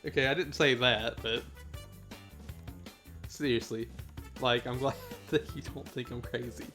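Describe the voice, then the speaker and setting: A man's voice: mid-range voice, steady tone, unhurried, music in the background. A man from the Southern United States chatting casually on a gaming livestream, rambling, answering chat and laughing often.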